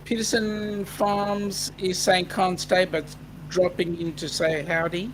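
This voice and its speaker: An Australian man co-hosting a live stream, greeting chat viewers in a relaxed, chatty way with lots of fillers. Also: high-pitched, slow, low-quality recording. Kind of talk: casual online chat. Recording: buzzing mic with background noise.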